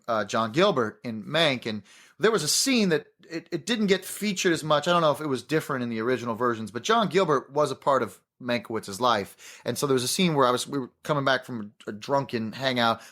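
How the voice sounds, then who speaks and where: A man, a guest actor, telling a story in casual chat. He restarts a lot and acts out what people said. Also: medium pitch. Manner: animated storyteller, many restarts, acts out quotes.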